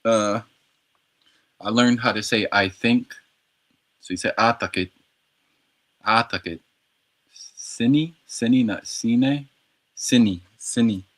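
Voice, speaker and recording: A man with a somewhat low voice talks through his language practice on a livestream. He repeats each word several times and drops in easy slang between tries. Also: fairly even intonation, slow pace, long pauses, fairly bright tone. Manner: repeats words over and over, slangy and playful. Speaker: streamer learning Arabic.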